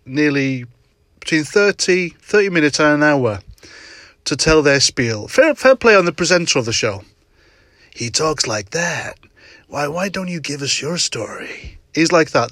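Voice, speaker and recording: A man's voice: a little high, a bit bright, no room sound. A middle-aged man hosting a casual solo podcast from his parked car at night, telling a story with frequent laughs and swearing. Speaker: podcast host.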